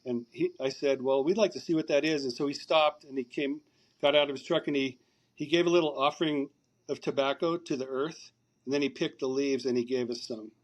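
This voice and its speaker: Over a remote call, a man guesting on a podcast works through a lengthy story, meandering and repeating words as he relays conversations. He has a mid-range voice.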